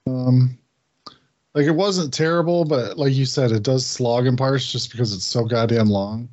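A man co-hosting a podcast in casual chat, laid-back and hesitant, pausing with fillers. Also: medium pitch, steady tone, darkish tone, lo-fi sound. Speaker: podcast co-host.

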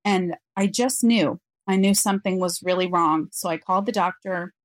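A woman guest on an interview podcast, telling a personal story in an earnest, reflective way with frequent pauses. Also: lowish voice, no echo.

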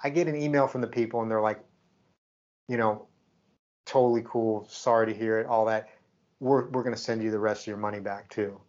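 Animated man telling a story, lo-fi. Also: lowish voice, brisk. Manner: animated, acts out quoted exchanges. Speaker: podcast co-host. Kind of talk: casual storytelling chat.

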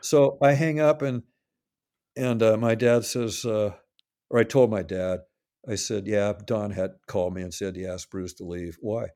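A man's voice: on the low side, steady tone, measured pace, dark tone. An older man telling long, rambling anecdotes in a casual interview, often correcting himself and quoting others. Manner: rambling, self-correcting anecdotes with quoted voices. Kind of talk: casual storytelling.

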